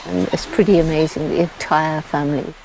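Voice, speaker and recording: A primatologist in her seventies gives casual interview answers outdoors in a forest, laughing often as she shares stories. Her low, steady voice moves fairly quickly, and heavy background noise fills the recording.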